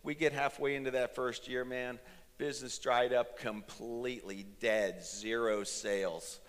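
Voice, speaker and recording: A man's voice: mid-range voice, steady tone, unhurried, in a large hall. A man in his fifties preaching a sermon as pastor, telling a personal story in an earnest, emotional way.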